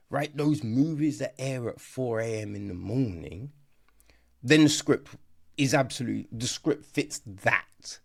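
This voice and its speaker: A podcast host reviewing a film in casual, sarcastic chat, often checking in with "right?" The voice is gravelly, and the pitch swings widely. Speech comes at an unhurried pace. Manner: conversational, keeps asking "right?", restarts often; sarcastic, mocks dialogue in exaggerated voices.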